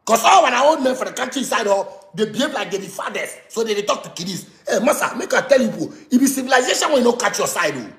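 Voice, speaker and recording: Ranting Ghanaian man, high gravelly voice. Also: big pitch swings, quick pace, few pauses, reverberant. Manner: ranting, switching between Twi and pidgin, shouting often. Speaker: musician speaking to fans. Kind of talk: animated live-stream rant.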